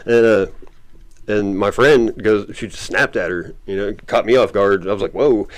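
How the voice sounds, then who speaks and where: Male guest, lower voice, rambling casual story with a lot of chuckling. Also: steady tone, normal speed. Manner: rambling, laughs often.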